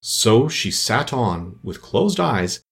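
A man's voice: fairly low pitch, sing-song, slow, vocal fry. A man narrating a children's storybook as an audiobook, reading expressively.

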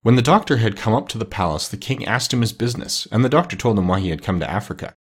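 A male narrator reading a children's book aloud at an even, steady pace. His voice sits low and has a husky grain. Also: quick pace. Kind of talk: audiobook reading of a children's novel.

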